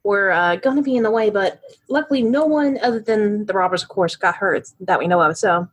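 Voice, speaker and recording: A woman's voice: mid-range voice, brisk, slightly rough, natural voice. A woman voicing a chatty clerk at a police station front desk, rambling with lots of fillers. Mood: gossipy.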